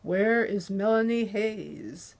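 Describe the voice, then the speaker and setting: A cold, commanding male interrogator, read by a woman, pressing his captive with clipped questions at a slow, heavy pace. His middle-pitched voice stays measured while each demand lands hard. It sounds like an audiobook. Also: a little mellow. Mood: menacing.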